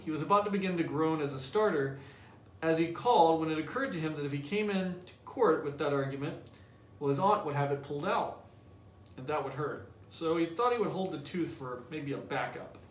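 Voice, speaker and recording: A man's voice: a little high, expressive, fairly quick. A male teacher explaining the story and then reading a novel aloud to his class in a conversational manner. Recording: echoey room, distant mic, faint hiss.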